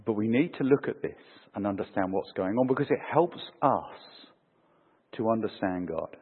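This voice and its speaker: A man preaching a sermon, animated, lifting his voice for emphasis and dropping it low to end his points. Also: moderate pace, slightly rough. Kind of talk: sermon with opening prayer. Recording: phone-like sound with long hall reverb.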